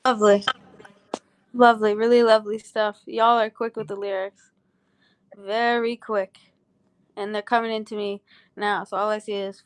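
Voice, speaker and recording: A woman's voice: mid-range voice, level tone, measured pace, long pauses, smooth, dry recording. A woman chatting casually on a livestream, groggy, rambling and giggly, swearing freely between songs. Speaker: singer on a livestream.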